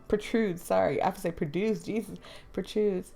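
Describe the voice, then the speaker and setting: A woman's voice: mid-range voice, moderate pace, vocal fry, mellow, soft background music. A young woman giving casual, giggly gameplay commentary as a YouTuber, joking at her own expense. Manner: giggly, self-deprecating. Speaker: gaming YouTuber.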